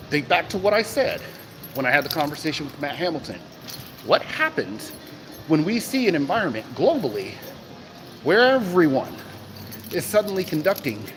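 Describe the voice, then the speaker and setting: Speaking a little high into the phone in his hand, the crypto streamer animatedly addresses his chat, naming viewers and asking rhetorical questions. Jangling keys and a faint hiss or hum come through in the background.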